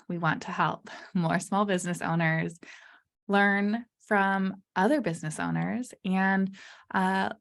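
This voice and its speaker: A woman's voice: lowish voice, vocal fry. A young adult woman hosting her podcast alone, talking casually and candidly, with lots of fillers, and laughing her way through hard topics. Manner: chatty, many fillers like "you know" and "um". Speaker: podcast host. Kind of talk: solo podcast monologue.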